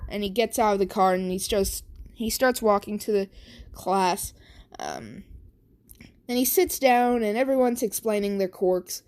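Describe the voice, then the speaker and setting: A woman's voice: mid-range voice, measured pace, darkish tone. A woman casually improvising a fan story, rambling and correcting herself as she goes.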